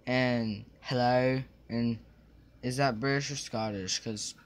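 A young man talking casually to his camera in a small room, his thoughts wandering as he loses track with ums and restarts. His voice sits at an ordinary middle pitch. A faint hum of room ambience sits under it. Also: fairly even intonation, slow. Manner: scattered, forgetful, many fillers and restarts. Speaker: vlogger. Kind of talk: rambling casual vlog.

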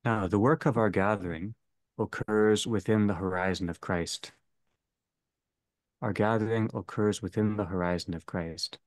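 A man leading a theology seminar, speaking slowly and deliberately and restating each phrase. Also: fairly low pitch, fairly even intonation, no echo. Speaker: seminar leader. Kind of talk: theology lecture.

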